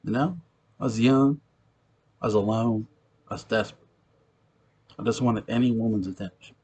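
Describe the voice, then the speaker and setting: A man's voice: lowish voice, normal speed, a little mellow, breathy edge, muffled recording. A young man with a New York accent, playing an ex-convict who tells a streetwise, profane story of a ghostly encounter in a gritty manner. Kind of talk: acted monologue, recounting a tale.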